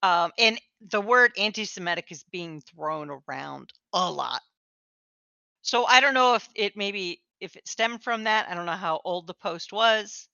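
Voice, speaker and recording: A woman game master chatting on a podcast. Her voice is bright and clear and swings widely in pitch. She speaks frankly and holds firm opinions, and the sound is dry and a little dull. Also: animated, unhurried, dry recording. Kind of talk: casual chat.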